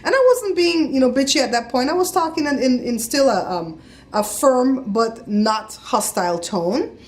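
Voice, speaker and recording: A woman's voice: a little high, normal speed. A middle-aged woman vlogging casually, telling a story with heat and acting out the voices of the people in it. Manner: animated, acts out quoted voices, gets heated.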